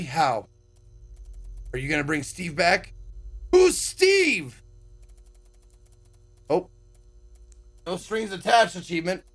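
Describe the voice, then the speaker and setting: Sarcastic male streamer, lively high voice. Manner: sarcastic, swears freely, acts out quoted lines with pitch jumps. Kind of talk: reading a visual novel aloud on stream.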